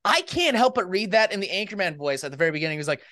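A woman's voice: sits low, very fast, a bit bright. A woman co-hosting a podcast, casual comedic banter, giggly, profane and playful. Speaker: podcast co-host.

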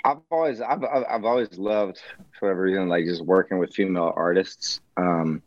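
Rapper guest on a call: low, laid-back, rambling, muffled dry audio. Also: male voice, brisk, dry recording. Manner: relaxed, rambling, many fillers and restarts. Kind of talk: casual interview chat. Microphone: video call.

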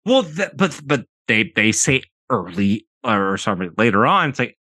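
A man's voice: mid-range voice, normal speed, few pauses, dry recording. A man co-hosting a podcast, chatting casually and emphatically about a film, often repeating words as he gets worked up. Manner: animated, emphatic, repeats words when excited. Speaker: podcast co-host. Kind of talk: casual film-review chat.

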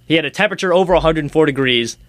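A man's voice: a little high, rapid-fire, fairly bright tone, dry recording. A young man hosting a casual sports talk show, rambling and ranting with sarcastic jabs. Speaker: sports podcast host.

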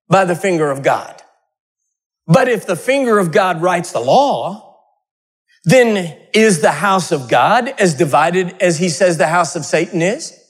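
High-voiced preacher telling jokey stories. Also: male voice. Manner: humorous storytelling, conversational. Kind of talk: sermon.

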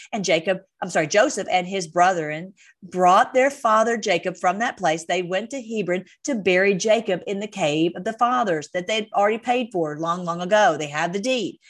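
A woman teaching a Bible study, reading scripture aloud with frequent fillers and self-corrections, and breaking off into conversational, exasperated asides. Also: fairly low pitch.

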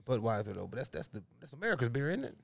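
A man's voice: mid-range voice, sing-song, racing, creaky, no echo, clean studio sound. A man co-hosting a casual podcast chat, laughing often and asking playful questions. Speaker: podcast co-host.

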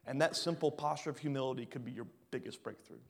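A pastor preaching a sermon, swinging between loud rising bursts and quiet low drops. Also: male voice, fast, vocal fry. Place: church hall.

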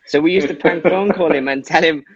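A man who dances professionally, chatting on a podcast and telling animated stories through frequent laughter. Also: a little high, brisk, crowd noise. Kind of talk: casual podcast chat. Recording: dull lo-fi sound.

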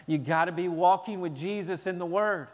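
A man preaching a sermon in an animated way, at times acting out shouting children. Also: high voice, moderate pace, big-room sound. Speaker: pastor.

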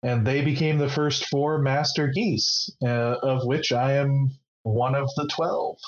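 A man voicing a calm, guarded woman guild master who bargains in a measured, deliberate way, on a slightly muffled recording. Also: mid-range voice, lightly acted.

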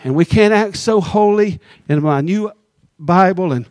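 A pastor with a fairly high voice delivers a sermon in a chatty, teasing tone. He drops into slow, drawn-out phrases for emphasis. The sound is close and dry, with no room echo. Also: darkish tone. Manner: conversational preaching, teasing the congregation, slows down for emphasis.

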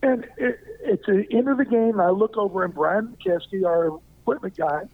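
Older man, from Arkansas, interview guest, animated storyteller, high voice, tinny phone line. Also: normal speed. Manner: lively anecdotal storyteller who acts out quoted lines. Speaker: guest, former pro football player.

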